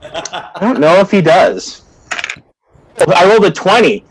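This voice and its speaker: A man's voice: sits high, measured pace, slight background noise, poor audio. A man in a tabletop game, calling for rolls in a casual, playful way. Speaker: game master.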